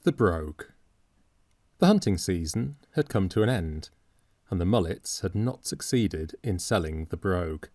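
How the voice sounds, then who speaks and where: A man narrating an audiobook in a measured, wry storytelling manner. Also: low voice, animated, darkish tone, dry recording, clean studio sound.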